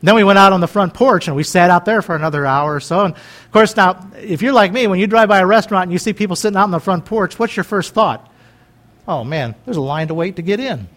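A man's voice: sits high, fast talker, a bit bright. A man in his fifties preaching in a folksy, conversational way, joking and wandering into chatty asides. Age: 50s. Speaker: pastor.

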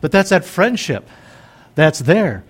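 A man's voice: high-pitched, big pitch swings, takes it slowly, slightly rough. A man in his fifties preaching in a folksy, conversational way, joking and wandering into chatty asides. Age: 50s. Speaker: pastor.

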